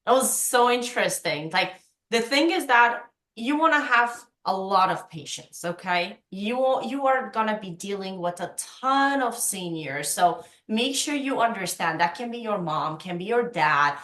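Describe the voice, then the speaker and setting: A woman's voice: mid-range voice, lively intonation, a little slow, a bit bright, reverberant. A woman leading a sales training on a video call, coaching energetically and acting out past conversations.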